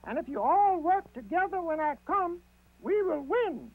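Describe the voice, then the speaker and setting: A bold, clever trickster rabbit with a high, squeaky falsetto voice. He rallies and coaxes the other creatures in a rousing tone, and the sound is thin and tinny like an old TV recording. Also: expressive, unhurried, dry recording, exaggerated voice. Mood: hollering.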